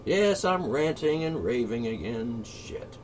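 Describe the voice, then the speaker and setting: A man delivering an angry, profane solo rant, sarcastic and swinging between shouting and muttering. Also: medium pitch, sing-song, slow, a little hiss or hum. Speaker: political commentator.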